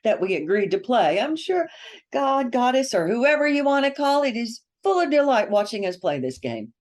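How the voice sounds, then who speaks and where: A woman's voice: fairly high pitch, sing-song, moderate pace, a little mellow. A woman guest on a casual podcast interview, laughing often and repeating her words for emphasis. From United States. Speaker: author and guest.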